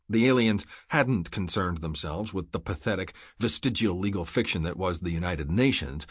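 A man narrates an audiobook in a measured, wry storytelling manner. His voice is somewhat low and husky, recorded close and dry. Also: no echo. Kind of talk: scripted narration.

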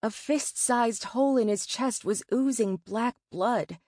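Female audiobook narrator: measured, expressive, slow, dry close sound. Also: on the high side, no room sound. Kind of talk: first-person novel narration.

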